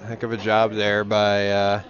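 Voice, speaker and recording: A man's voice: lowish voice, monotone, measured pace, a bit bright. A man giving casual, dry-humored commentary on a club curling match. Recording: dull audio with crowd behind.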